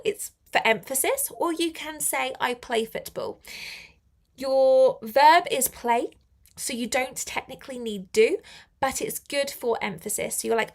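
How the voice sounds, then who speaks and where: Chatty woman teaching english live, bit high voice, lots of vocal fry, laughs a lot. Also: a little slow, a bit bright. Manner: upbeat, chatty, laughs often. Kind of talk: live-streamed English lesson.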